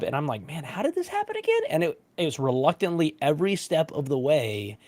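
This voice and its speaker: A man in his thirties, a pastor, telling a personal story in a casual panel discussion, acting out quotes. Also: medium pitch. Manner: animated storytelling, voices quotes.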